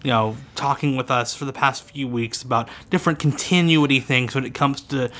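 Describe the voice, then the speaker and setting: A man's voice: mid-range voice, steady tone, fairly quick, sharp tone. A man co-hosting a casual podcast, launching into a profane, mock-angry rant. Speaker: podcast co-host.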